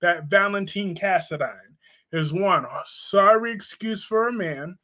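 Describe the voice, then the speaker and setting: Very high-voiced sassy man. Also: unhurried. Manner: sassy, expressive, answering chat. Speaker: live-stream host. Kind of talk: casual live-stream chat.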